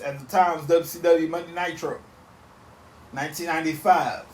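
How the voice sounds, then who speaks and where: A man in his thirties hosting a podcast, ranting casually in an animated, repetitive, emphatic way on a back porch outdoors. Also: on the high side, moderate pace. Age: 30s. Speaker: podcast host. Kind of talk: casual solo rant. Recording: roomy sound from off mic.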